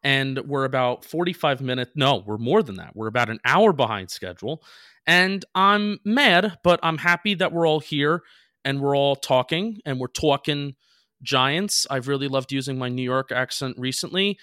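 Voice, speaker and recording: A man co-hosting a casual podcast chat, joking and animated. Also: medium pitch, normal speed, no echo, clean studio sound. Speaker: podcast co-host.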